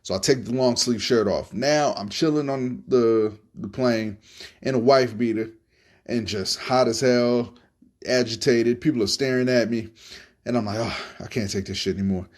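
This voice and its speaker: A young man from Florida telling a story in a relaxed, casual monologue, cursing freely and often repeating his words. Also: medium pitch, unhurried. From Tampa, Florida. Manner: laid-back, profane, repeats himself. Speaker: podcast host telling stories.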